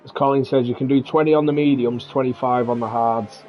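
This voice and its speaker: A man's voice: mid-range voice, fairly even intonation, a little fast, highs cut off. A man co-commentating a live sim race, chatty and laying out strategy and stats.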